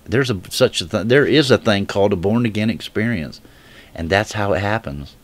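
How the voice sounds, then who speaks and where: A man giving an emotional personal religious testimony straight to viewers. He speaks earnestly and haltingly, often restarting his sentences. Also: lowish voice, lively intonation. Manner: earnest direct appeal to viewers. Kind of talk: heartfelt personal testimony to camera.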